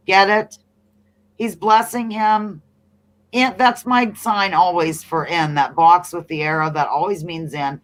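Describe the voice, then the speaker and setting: Animated American woman hosting a livestream. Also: lowish voice, unhurried. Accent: US Eastern. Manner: animated, laughing, reads comments in playful voices. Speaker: livestream host. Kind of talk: casual livestream chat, reading chat aloud.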